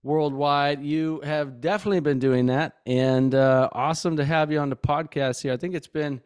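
A man's voice: on the high side, steady tone, normal speed, clean tone, no echo, studio quality. A man hosting a podcast, introducing his guest and asking questions in an easygoing way with fillers. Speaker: podcast host.

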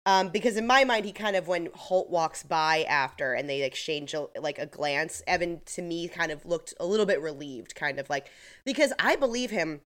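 A woman's voice: sits low, lively intonation, moderate pace, a bit bright. A woman co-hosting a podcast, retelling TV scenes in detail in casual chat over a video call. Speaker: podcast co-host. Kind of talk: casual chat recapping a TV episode. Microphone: computer mic on a video call.

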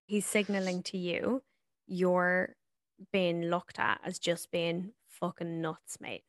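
A woman's voice: lowish voice, little pitch movement, takes it slowly, no room sound. A woman co-hosting a podcast, asking supportive questions in a casual way and swearing now and then, over a remote call. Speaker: podcast co-host. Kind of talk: casual chat. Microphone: remote call recording.

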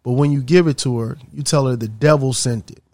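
A man's voice: medium pitch, a little fast, darkish tone, dry recording, lightly acted. A man voicing a scornful, spiteful wealthy boss who sneers and gives orders. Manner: sneering and commanding.

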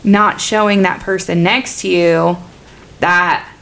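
A woman's voice: on the low side, fairly even intonation, slow pace, gravelly, a bit bright. A woman co-hosting a casual faith talk, speaking in an earnest, reflective way and often trailing off mid-thought. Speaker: co-host.

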